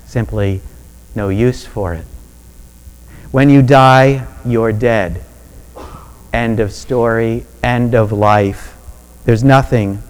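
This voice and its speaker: A man preaching a sermon in a measured, deliberate way that builds to emphatic peaks. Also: medium pitch, darkish tone, poor audio. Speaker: pastor.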